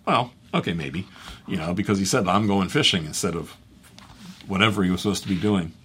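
A man speaking as a pastor, teaching through a scripture passage in a conversational, halting way and correcting himself as he goes. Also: low-pitched, fairly bright tone, a little hiss or hum. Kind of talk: bible teaching.

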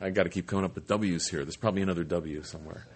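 A man preaching a sermon, telling a Bible story with animated asides, restarts and humor. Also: sits low, very fast, slightly rough. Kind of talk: expository sermon.

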